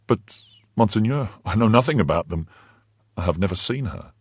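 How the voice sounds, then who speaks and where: A timid, fawning middle-aged mercer, put on by a male audiobook reader, anxious and eager to please. His husky voice swings widely in pitch and leaps high when he is frightened. The sound is close and dry. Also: lively intonation, moderate pace, darkish tone, no echo. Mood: nervous deference. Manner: anxious, deferential, cries out in alarm.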